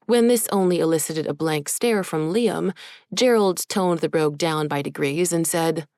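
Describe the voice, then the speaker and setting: An audiobook narrator with a low, darkish voice reads a scripted story at a normal pace. The recording is studio quality with no echo.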